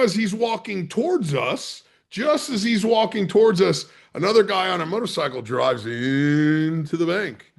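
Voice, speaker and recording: A charter captain from the US East Coast, a guest on a podcast, telling a story in a lively, salty way and acting out what people said. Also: male voice, a little high, creaky, slightly rough. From Maryland's Eastern Shore, USA. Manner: vivid storyteller, swears freely, acts out quotes. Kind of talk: conversational storytelling.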